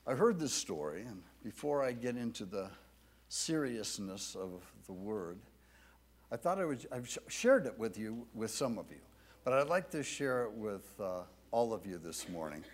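A man preaching a sermon to his church in a measured, deliberate way. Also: lowish voice. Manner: slow, measured preaching with lively rises and falls. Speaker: pastor.

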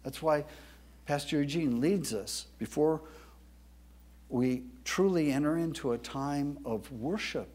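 A man preaching a sermon as a pastor, booming when he quotes scripture and halting with frequent fillers and restarts between points. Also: darkish tone.

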